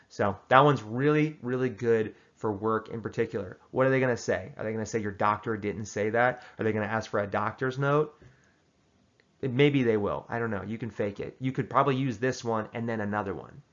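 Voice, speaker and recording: Deadpan man giving mock advice. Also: lowish voice, brisk, dull audio. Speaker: host giving tongue-in-cheek advice. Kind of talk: casual comedic advice monologue.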